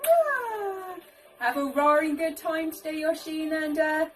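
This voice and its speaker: A woman's voice: high-pitched, level tone, normal speed, a bit bright, faint music behind, poor audio. A woman hosting a children's puppet show, speaking in a gushing, affectionate, sing-song way to a child.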